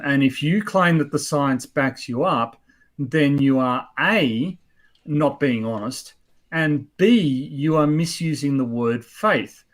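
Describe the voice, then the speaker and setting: Man in his 50s, host, casual chat, blunt, rambling, filler-heavy. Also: medium pitch.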